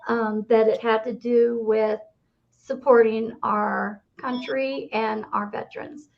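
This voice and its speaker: A woman's voice: fairly high pitch, level tone, slow pace, vocal fry. An older woman hosting an interview show, speaking in an earnest, heartfelt way. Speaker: host. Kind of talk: casual interview chat. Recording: dull lo-fi recording.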